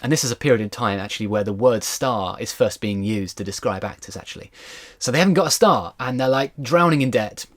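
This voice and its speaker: A man, a historian, giving a casual storytelling lecture in a lively, chatty way with asides. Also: mid-range voice, brisk.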